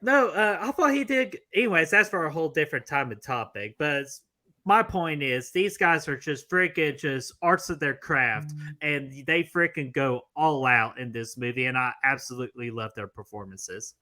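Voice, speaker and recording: A man co-hosting a casual movie review chat, excitable and jokey, swearing freely as he talks. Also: a little high, moderate pace. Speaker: podcast co-host.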